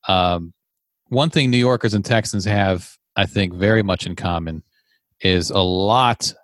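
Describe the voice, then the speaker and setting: A man's voice: low-pitched, a little slow, a bit bright, no room sound, clean studio sound. A man from Virginia in casual podcast chat, reflective, explaining his points at length. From Virginia, USA. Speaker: co-host.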